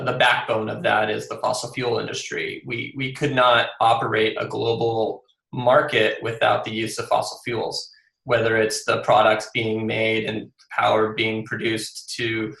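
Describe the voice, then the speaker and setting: Male interview guest, gravelly voice, earnest, often restarts, echoey room. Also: fairly low pitch, sharp tone. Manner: earnest, many fillers and restarts. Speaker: guest author. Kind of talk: casual interview.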